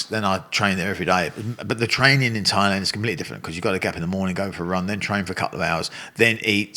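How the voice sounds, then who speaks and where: An older man telling stories in a casual interview, swearing freely and acting out other people's voices. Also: lowish voice. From England. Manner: animated storyteller, swears freely, acts out voices. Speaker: guest, Muay Thai fighter and coach.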